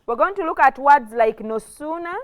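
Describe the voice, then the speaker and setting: A woman's voice: sits high, animated. A woman teaches a lesson. She explains step by step, restarts her phrases and keeps checking in with her students. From Uganda. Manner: slow, repetitive explaining, with frequent restarts and "okay?" checks. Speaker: English teacher. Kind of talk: televised classroom lesson.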